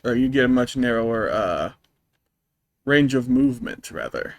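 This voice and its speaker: A man's voice: medium pitch, expressive, normal speed. Rich: A man in a middle register rants profanely while streaming a game. He rambles and circles back on himself, and the sound is dry and close with no room echo. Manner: profane, exasperated ranting; rambling, with many fillers and restarts. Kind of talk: live-streamed gameplay commentary.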